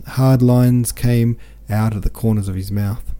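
Dark-toned male audiobook narrator. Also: mid-range voice, fairly even intonation, a little slow, clean tone. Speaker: podcast host reading a classic novel.

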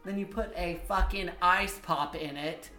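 A man's voice: high-pitched, a little slow, pushed and bright, soft background music. A man co-hosting a podcast in chatty, emphatic casual conversation, with the occasional curse. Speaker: podcast co-host. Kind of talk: casual chat. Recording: roomy echo.

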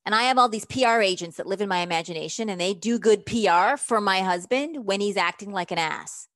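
A woman relationship coach explains her method in an interview, lively and emphatic. She slips into acted-out quoted lines as she talks. Her voice sits at a middle pitch and is recorded dry and close. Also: fairly quick, no room sound.

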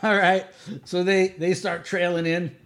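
A man narrating a tabletop game as game master, playful and quick to laugh. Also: on the high side, lively intonation, a bit bright.

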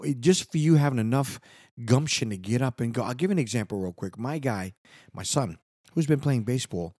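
Rambling earnest man, husky low voice. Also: a little mellow, no room sound, clean studio sound. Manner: rambling, earnest, restarts often. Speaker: podcast host. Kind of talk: casual solo podcast monologue. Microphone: studio microphone.

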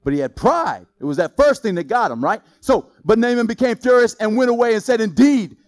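A man preaching a sermon in a lively, joking way, quizzing the congregation with questions. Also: very high voice, fairly quick. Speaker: pastor.

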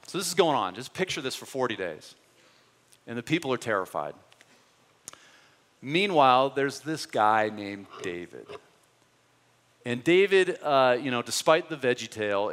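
Man preaching in a reverberant hall. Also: medium pitch. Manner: animated, conversational storytelling. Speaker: pastor. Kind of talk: sermon.

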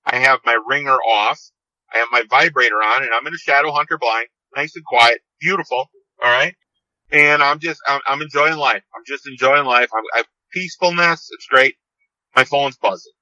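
Calling in by phone as a podcast guest, a seed company owner in his fifties tells rambling stories, often repeating himself and starting phrases over during the relaxed interview. He speaks in a mid-range voice with a bright, forceful tone. The audio is a dull, dry phone line without room sound.

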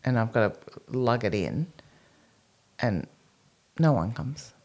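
Low-voiced woman, lively storyteller. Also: slow pace. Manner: lively storytelling with frequent restarts and acted quotes. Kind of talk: casual chat.

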